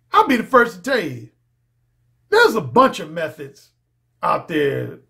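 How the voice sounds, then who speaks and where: Emphatic high-voiced male dating coach. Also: fairly bright tone. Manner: emphatic, repeats key phrases, slangy. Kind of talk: casual video monologue.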